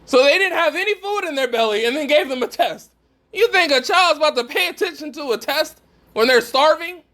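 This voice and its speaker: Very high-voiced man preaching emphatically. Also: animated, fairly quick, pushed and bright. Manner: emphatic, questions the listeners directly. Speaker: speaker at a faith gathering. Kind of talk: preaching talk to a live group.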